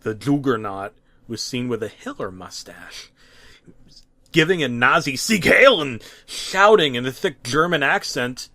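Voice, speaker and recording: A man narrating a mock-serious horror story with a dramatic, deadpan delivery and occasional restarts. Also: mid-range voice, measured pace, dry recording. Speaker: creepypasta narrator.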